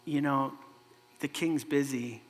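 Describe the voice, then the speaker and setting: A man preaching a sermon as a pastor, conversational and animated, with asides to the congregation. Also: mid-range voice, slow pace. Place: church sanctuary. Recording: echoey church hall.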